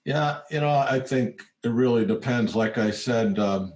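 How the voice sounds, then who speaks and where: A man's voice: mid-range voice, measured pace. A man, a former tech executive in his sixties, chatting in an interview and acting out the voices of the people in his stories. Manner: animated storyteller who acts out quoted voices. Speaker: guest, former tech CEO. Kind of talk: casual interview talk.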